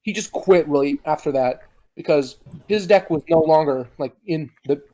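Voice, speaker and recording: A man's voice: on the high side, moderate pace, warm tone. A young man hosting a podcast in casual gaming chat, rambling and restarting his sentences. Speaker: podcast host.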